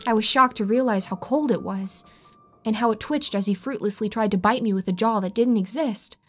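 A woman narrating a horror story in the first person with an even, steady delivery. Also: fairly high pitch, brisk. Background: faint music.

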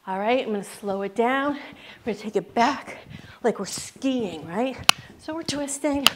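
A woman's voice: on the high side, noisy background. A woman fitness instructor giving upbeat, encouraging cues and counting down reps while she bounces on a rebounder herself. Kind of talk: live workout coaching.

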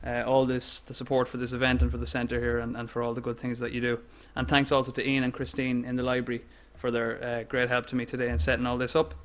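A man with an Irish accent giving an academic lecture in a measured way, with fillers and restarts. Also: mid-range voice, completely flat delivery, fairly bright tone. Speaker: guest lecturer.

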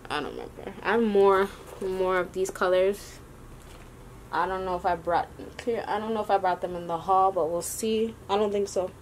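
A woman's voice: mid-range voice, steady tone, moderate pace, a little hiss or hum. A woman vlogging a sneaker haul, rambling and casual with lots of slang. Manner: chatty, rambling, slangy ("yo", "y'all").

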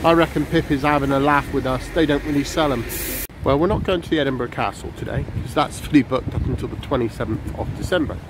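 A man's voice: mid-range voice, fast talker. A man narrating a casual walking vlog outdoors in light rain, chatty and rambling, filmed on a handheld camera. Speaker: vlogger. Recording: noisy street with traffic.

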